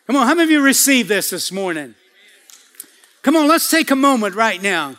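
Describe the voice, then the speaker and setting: A male pastor preaching a fervent sermon and altar call in a church, urging and repeating himself and rising to shouts. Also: very high-pitched, big pitch swings, brisk. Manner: fervent, repetitive exhortation, builds to shouting. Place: church sanctuary.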